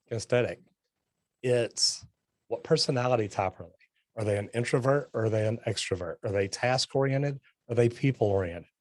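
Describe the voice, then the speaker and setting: A man talks with a guest's blunt, get-to-the-point manner at an ordinary middle pitch. He tells stories full of quoted back-and-forth dialogue. The sound is dry and close. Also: no room sound. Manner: animated storytelling with quoted dialogue. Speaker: plumber and sales guest. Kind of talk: casual interview conversation.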